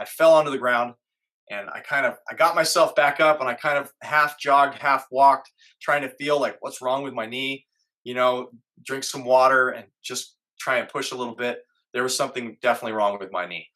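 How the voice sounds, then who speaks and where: A man's voice: medium pitch, bright, forceful tone. A middle-aged man, a guest on an interview show, earnestly telling a personal story and acting out his own inner voice.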